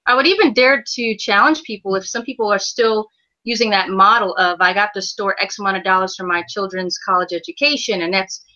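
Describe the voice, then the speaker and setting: Bright-toned woman, dull lo-fi recording. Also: mid-range voice, fairly quick. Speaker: co-host of a crypto trading show. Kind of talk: casual chat. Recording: dull lo-fi sound.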